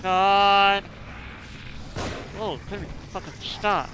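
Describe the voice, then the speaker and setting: A frustrated man commentating his gameplay, swearing constantly and swinging between muttered complaints and yelling outbursts. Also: fairly high pitch, lively intonation, measured pace, pauses often, slight background noise, rough recording. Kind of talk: raging let's-play commentary.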